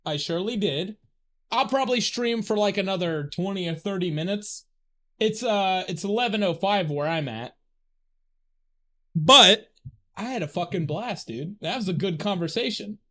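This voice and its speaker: A man live-streaming a video game, talking in a rambling, profane, excitable way and laughing often. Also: high-pitched, normal speed. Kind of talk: live gameplay stream chat.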